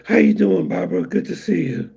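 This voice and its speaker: A man hosting a casual livestream, answering chat in a weak, raspy, breathy voice, rambling with many fillers. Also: sits high, brisk, warm tone. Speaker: livestream host reading chat.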